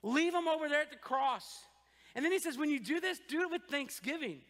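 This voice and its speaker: A man preaching a sermon as pastor, animated and joking, often acting out the voices of the people he describes. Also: very high-pitched, a little fast, long reverb tail. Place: church.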